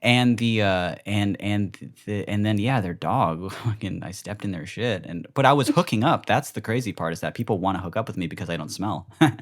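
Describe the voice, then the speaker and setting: A man's voice: lowish voice, normal speed. A man co-hosting a podcast, talking in a rambling, giggly way with frequent swearing. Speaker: podcast co-host. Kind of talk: casual comedic chat.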